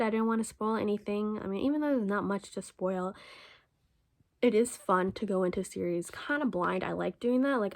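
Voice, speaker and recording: Gravelly-voiced woman rambling about a manga. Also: medium pitch. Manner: rambling, swears casually, many ums; acts out the character's lines in quotes. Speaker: manga reviewer. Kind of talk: casual spoken review.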